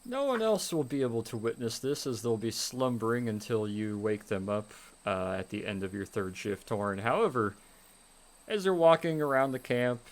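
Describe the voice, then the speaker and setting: A man's voice: medium pitch, lively intonation, moderate pace. A man narrating as game master of a tabletop game, with loose, rambling descriptions full of fillers.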